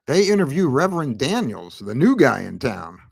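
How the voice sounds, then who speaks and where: A man's voice: mid-range voice, sing-song, moderate pace, gravelly, darkish tone, slightly rough. A man hosting a casual recap chat, laughing often and reading viewer comments aloud. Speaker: podcast host.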